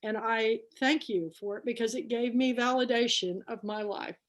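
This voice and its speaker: A woman's voice: a little high, fairly even intonation, normal speed. A woman from Kansas hosting a book club on a video call, chatty and emotional, retelling conversations. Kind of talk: casual chat on video call.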